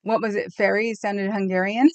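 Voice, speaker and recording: A woman chats loosely with her livestream viewers, rambling from one thing to the next and laughing often. Her voice sits at an ordinary middle pitch for a woman. The sound is dry and close, with no room echo. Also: level tone, normal speed. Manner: rambling, chatty, laughs often, reacts to chat. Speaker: live streamer. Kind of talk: casual livestream chat with viewers.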